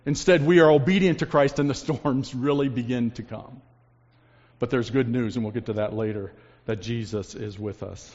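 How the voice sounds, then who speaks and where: A man preaching a sermon as pastor, swinging between loud emphasis and hushed, low lines. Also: normal speed. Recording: long reverb, dull lo-fi sound.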